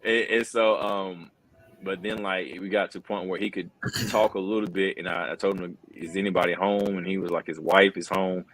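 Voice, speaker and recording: Middle-aged male interview guest, very deep voice, earnest and casual, lots of "bro". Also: steady tone, normal speed, fairly bright tone, poor audio. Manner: earnest, says "bro" and "man" a lot, many restarts. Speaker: wrestling commentator, interview guest. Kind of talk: casual conversational storytelling.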